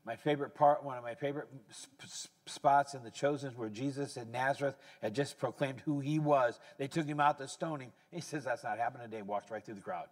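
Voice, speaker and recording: Speaking briskly with hardly any pauses, a sixty-something pastor preaches in a chatty, conversational way. He keeps correcting himself and pushes into high, excited emphasis.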